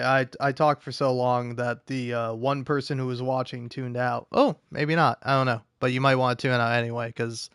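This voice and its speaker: A man's voice: medium pitch, steady tone, normal speed, hardly any pauses, fairly bright tone, clear, resonant tone, dry recording, clean studio sound. A man live streaming, talking in a casual, rambling, profane and self-deprecating way, often laughing.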